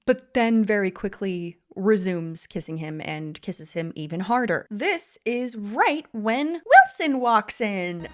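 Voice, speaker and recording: Woman host, snarky TV recap commentary, mid pitch, casual. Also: animated, slow, hardly any pauses. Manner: sarcastic, laughing.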